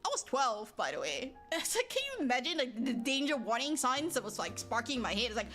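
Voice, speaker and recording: Woman streamer, high and bright voice, animated rambling chat with frequent laughs and restarts, soft music underneath. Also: a little fast, few pauses. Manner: animated, rambling, frequent self-interruptions and exclamations; laughs often mid-sentence. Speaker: livestream host. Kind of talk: casual chat with viewers. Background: soft background music.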